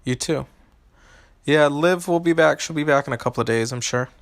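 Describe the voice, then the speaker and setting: A man's voice: a little high, fairly quick, dry recording. A young man streaming a mobile game, reading out and answering chat questions in a loose, hesitant way with lots of ums and restarts. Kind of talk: casual live-stream chat.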